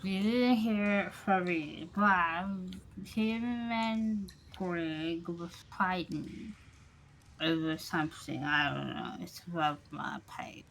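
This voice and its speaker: A woman's voice: fairly low pitch, steady tone, slow pace, fairly bright tone, a little hiss or hum, rough recording. A woman doing a rambling drunk tavern regular. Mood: gossipy. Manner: rambling, gossipy, folksy. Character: chatty drunk tavern man, loyal to his boss.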